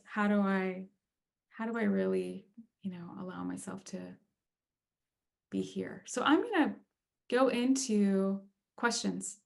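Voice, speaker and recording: Woman with gravelly voice giving webinar talk. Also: mid-range voice, slow, pauses often, darkish tone. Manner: conversational, frequent fillers. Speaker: speaker on leadership and empathy.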